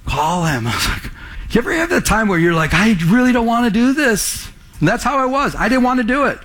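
A middle-aged man preaching a sermon as a pastor, telling stories with lively acted-out dialogue. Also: very high voice, fast talker. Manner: animated storytelling, acts out dialogue.

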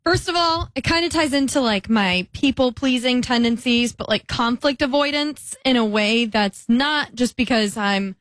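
A young woman talks in a relaxed, chatty way, slipping into quoted voices as she tells a story. Her voice sits a little high. The sound is dry and close, with no room behind it. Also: normal speed, hardly any pauses, no echo. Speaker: podcast co-host. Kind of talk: casual chat.

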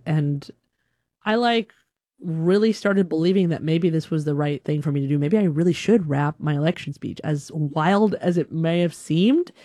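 A woman from Alabama telling a personal story in a lively, self-deprecating way, slipping into voices as she talks. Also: sits low, no room sound, studio quality. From Huntsville, Alabama, USA.

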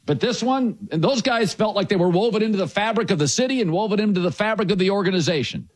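A man's voice: high voice, expressive, quick pace. A man hosting a sports talk show, giving blunt, emphatic opinions in punchy phrases.

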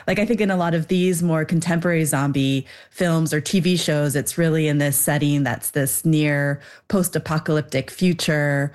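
Young woman guest, low voice, thoughtful, unhurried explainer with "um"s. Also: fairly even intonation, a little mellow. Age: young adult. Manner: thoughtful, explanatory, many fillers. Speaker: filmmaker guest. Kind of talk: interview answer.

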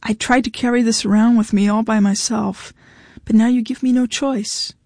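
A woman's voice: a little high, fairly even intonation, normal speed, mellow, no echo, clean studio sound. A woman reading the lines of a desperate, insistent husband whose voice cracks, in an audiobook. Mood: pleading. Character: desperate pleading married man.

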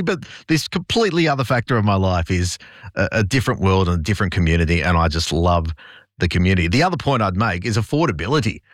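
A man's voice: sits low, no room sound, clean studio sound. An Australian man, a community theatre performer, talking enthusiastically as a radio guest. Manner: enthusiastic, lively. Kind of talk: radio interview. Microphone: studio mic.

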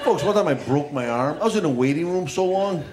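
A man doing a stand-up comedy set of deadpan one-liners in a comedy club. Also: fairly high pitch, brisk. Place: comedy club in front of a live audience. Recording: live club recording with loud crowd noise.

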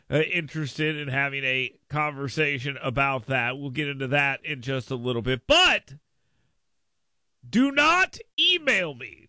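A male radio host chatting casually on air, telling a story with lively jumps in pitch and loudness for emphasis. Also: no echo. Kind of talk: casual talk radio monologue. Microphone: studio microphone.

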